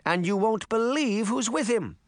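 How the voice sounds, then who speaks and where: A man's voice: high-pitched, expressive, normal speed, dry recording, clean studio sound, pitched above the performer's own voice. A man voicing a fretful old woman. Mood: excited. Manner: anxious, pleading. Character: urgent, doting old woman with a slight German touch.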